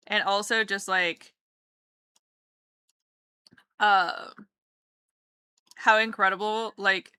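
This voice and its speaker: Bright, chatty woman streamer. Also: medium pitch, no room sound, clean studio sound. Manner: chatty, rambling and playful, greets chat warmly. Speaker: streamer and artist. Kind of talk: casual livestream chat while drawing.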